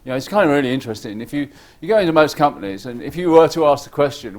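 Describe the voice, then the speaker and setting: A man giving a lively, irreverent conference talk, joking with the audience and acting out what clients say. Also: on the high side, racing. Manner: acts out clients' lines in quoted voices. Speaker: conference speaker. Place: conference hall.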